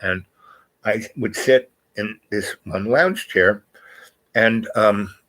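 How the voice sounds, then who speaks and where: Rambling older man with low voice. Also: slow pace, a bit bright, poor audio. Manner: meandering, self-correcting, reads aloud from screen. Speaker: channel host. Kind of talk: rambling casual monologue.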